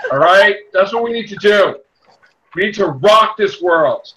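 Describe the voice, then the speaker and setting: Male host, high and animated, excitable and loud in casual chat. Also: unhurried, a little hiss or hum, poor audio. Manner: excitable, bursts into loud shouts and laughter. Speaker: podcast host.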